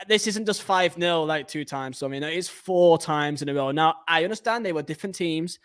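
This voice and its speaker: A man hosting a casual football podcast, talking in excitable, punchy bursts. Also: on the high side, fairly quick, smooth. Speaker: podcast host.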